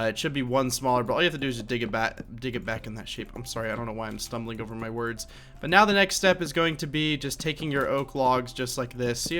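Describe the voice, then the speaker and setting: A man's voice: medium pitch, fairly bright tone. A young man narrating a game building tutorial in a rambling, chatty way, with lots of fillers and self-corrections. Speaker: Minecraft tutorial creator. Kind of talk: casual game tutorial voice-over.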